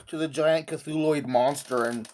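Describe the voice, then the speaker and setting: A man's voice: on the high side, very noisy. A man vlogging while he sews, telling a meandering story in an offhand way and swearing casually.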